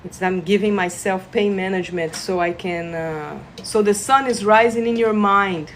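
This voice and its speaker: A woman leading a live energy-healing session, guiding listeners with gentle instructions and sudden bursts of excited laughter. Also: medium pitch, normal speed, slight background noise. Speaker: reiki practitioner. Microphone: phone livestream.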